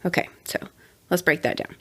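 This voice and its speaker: A woman's voice: fairly quick, bright, forceful tone. A young adult woman co-hosting a casual true-crime podcast, chatty with sarcastic asides. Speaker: podcast co-host.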